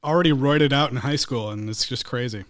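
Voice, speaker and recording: A man co-hosting a podcast, retelling a movie scene in a casual, animated way, acting out bits and laughing often. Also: mid-range voice, brisk. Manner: animated storyteller who acts out scenes with lots of laughing. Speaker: podcast co-host. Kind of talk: casual movie-recap chat.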